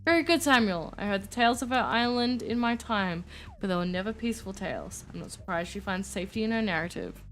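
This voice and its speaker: A woman voicing a calm, formal old mentor, speaking in a measured, soft-spoken way. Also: mid-range voice, soft background music, natural voice.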